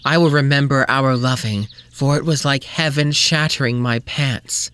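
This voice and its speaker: A man's voice: mid-range voice, moderate pace, fairly bright tone, clean tone, pitched above the performer's own voice, natural voice. A man voicing an adoring alien woman who gushes in a raised tone.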